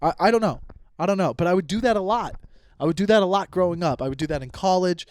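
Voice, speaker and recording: A man's voice: high voice, quick pace, darkish tone, dry recording, clean studio sound. A man in his thirties, a comedian hosting his own podcast, talking alone in a rambling, profane way and often interrupting himself to chase tangents. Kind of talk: rambling solo podcast monologue. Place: at home, lying down.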